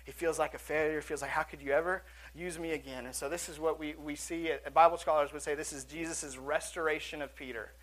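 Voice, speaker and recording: A man's voice: a little high, steady tone, fast talker, a bit bright. A male pastor preaching a sermon in a church auditorium, earnest and conversational, with asides and restarts.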